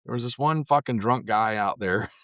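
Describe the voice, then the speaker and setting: A man's voice: fairly low pitch, moderate pace, dry recording, clean studio sound. A man, a guest on a podcast, chatting casually and telling stories with plenty of swearing. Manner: profane, animated storyteller. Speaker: podcast guest, metal museum organizer. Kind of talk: casual chat.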